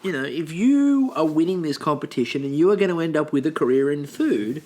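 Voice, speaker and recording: A man's voice: fairly high pitch, expressive, brisk, warm tone. A man co-hosting a casual podcast, chatting and acting out quoted lines as he recaps a cooking show. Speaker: podcast co-host.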